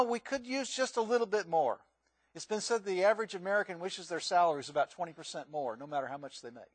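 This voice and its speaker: A man's voice: sits high, no room sound. A male pastor giving a conversational sermon, asking the congregation questions.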